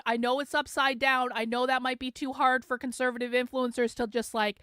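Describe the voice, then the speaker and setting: A woman's voice: high voice, little pitch movement, a little fast, hardly any pauses, a bit bright, clear, resonant tone, no echo, clean studio sound. A woman hosting a livestream, talking sarcastically and profanely to her chat. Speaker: host. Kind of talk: livestream commentary.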